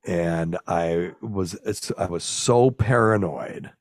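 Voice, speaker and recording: A man's voice: deep voice, takes it slowly, no room sound, studio quality. A man in his sixties from the American South, raised near Chicago, telling candid stories as an interview guest with a trained broadcaster's delivery. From US South, raised in Chicago area until sixth grade. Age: 60s. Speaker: guest, physician and former broadcaster. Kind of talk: casual interview chat, storytelling.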